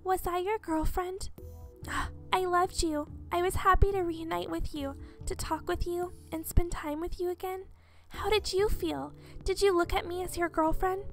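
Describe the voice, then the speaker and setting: A woman reading a frightened, earnest young game heroine in a high, breathless, anxious way. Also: steady tone, normal speed, a bit bright.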